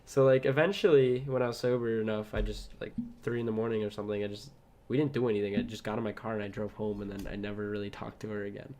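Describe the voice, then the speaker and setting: A man's voice: fairly low pitch, fairly even intonation, fast, a little mellow. Young man telling a rambling story. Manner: rambling, swears often, laughs at himself. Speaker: podcast co-host. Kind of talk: casual chat, storytelling.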